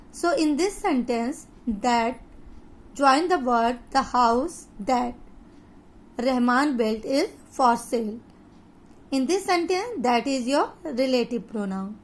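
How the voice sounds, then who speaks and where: A woman with an Indian English accent teaching an online grammar lesson, explaining slowly and deliberately with pauses. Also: high-pitched, animated.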